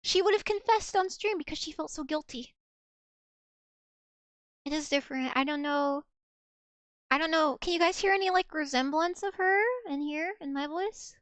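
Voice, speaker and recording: A woman's voice: high-pitched, normal speed, pauses often, fairly bright tone, no echo. A woman VTuber streamer in casual livestream chat, rambling along with lots of fillers and restarts.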